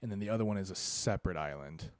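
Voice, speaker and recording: A young man co-hosting a casual podcast, chiming in with quick remarks and jokes. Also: low voice, no echo. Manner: joking, chiming in with short replies. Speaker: podcast co-host. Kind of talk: casual chat.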